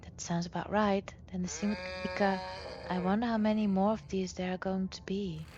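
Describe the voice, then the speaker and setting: A woman's voice: mid-range voice, fairly even intonation, normal speed. Chatty woman playing a horror game. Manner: chatty, thinks aloud. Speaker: let's play host. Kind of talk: gameplay commentary, reading game text aloud. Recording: dull lo-fi sound with game music.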